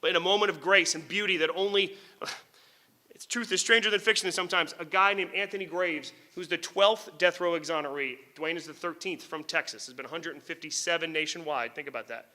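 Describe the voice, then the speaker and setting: Bright, high-voiced candid lawyer storyteller. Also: male voice, a little fast. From New Jersey. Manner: animated, candid, swears casually, chuckles at his own remarks. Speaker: lawyer and author giving a book talk. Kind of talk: public lecture storytelling.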